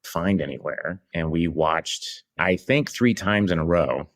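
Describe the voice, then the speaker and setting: Deep-voiced actor guy telling stories in an interview, does little impressions, chatty. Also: a little slow. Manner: lively storytelling with impressions and laughs. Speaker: actor guest. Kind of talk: anecdotal interview chat.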